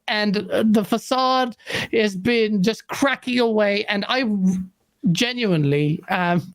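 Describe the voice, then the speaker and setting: A woman hosting a live gaming stream, reading viewer messages and ranting excitedly. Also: mid-range voice. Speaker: host.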